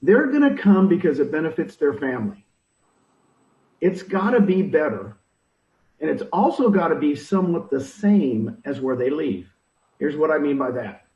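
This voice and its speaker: Animated man, echoey and far off. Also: fairly high pitch, moderate pace. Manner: emphatic, punchy, asks rhetorical questions. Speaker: interviewee, real estate recruiting mentor. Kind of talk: animated advice talk. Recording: echoey, distant and dull-sounding.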